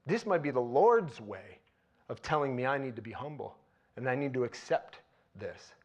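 A man preaching a sermon in a conversational way, turning animated and loud when he retells scenes. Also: medium pitch, normal speed.

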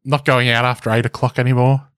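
A man's voice: mid-range voice, level tone, quick pace, a bit bright, clean tone, no room sound. Dry-sounding guy joking along. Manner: joking, rambling explainer. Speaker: podcast co-host. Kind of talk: casual chat.

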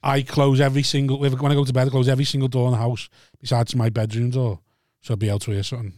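A man in casual chat, quick and teasing, tripping over his own restarts. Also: mid-range voice, level tone, darkish tone, dry recording, studio quality.

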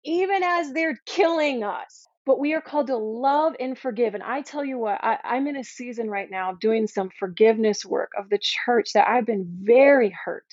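Earnest woman with a higher voice. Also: normal speed, few pauses, a little mellow, dry recording. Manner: earnest, pleading, pastoral. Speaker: Christian podcast host. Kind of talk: earnest faith talk to listeners. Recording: dry, slightly dull recording.

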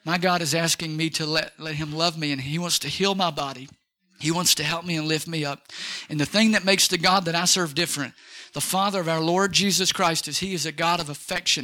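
A male pastor with a fairly high voice preaches an energetic sermon, leading his congregation in call-and-response.

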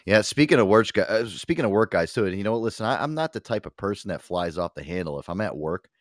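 A middle-aged man with a low voice that swings widely as he tells a story, cursing constantly and acting out what everyone said. The recording is close and dry, with no room sound. He talks the way a podcast co-host does among friends. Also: quick pace, no echo. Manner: profane, animated storytelling with acted-out quotes. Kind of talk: casual podcast chat.

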